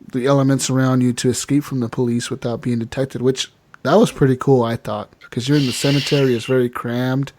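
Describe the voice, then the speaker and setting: A man's voice: medium pitch, darkish tone, no room sound. A man hosting a casual gaming podcast, retelling scenes in a rambling, profane way. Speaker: podcast host.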